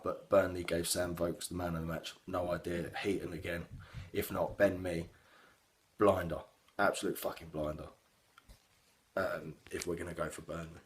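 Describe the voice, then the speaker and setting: A young man with a low voice reacts casually to a football match he watched as a fan, swearing heavily and rambling animatedly with lots of fillers. There's slight background noise.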